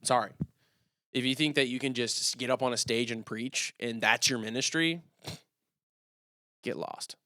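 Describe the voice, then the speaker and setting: Young male podcast co-host, animated storyteller, dry close mic. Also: mid-range voice, normal speed, no room sound. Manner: animated, acts out quoted dialogue. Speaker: youth pastor, podcast co-host. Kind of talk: casual storytelling.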